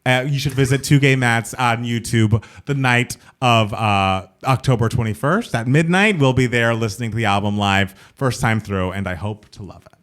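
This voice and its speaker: A young man co-hosting a podcast in casual chat, animated and mimicking voices as he tells stories. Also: medium pitch, normal speed, hardly any pauses. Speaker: podcast co-host.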